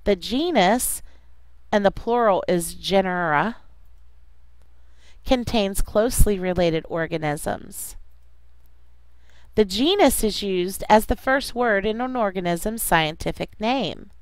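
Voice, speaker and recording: A woman teacher giving a classroom science lecture, speaking deliberately and repeating key terms for students to write down. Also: medium pitch, dry recording, rough recording.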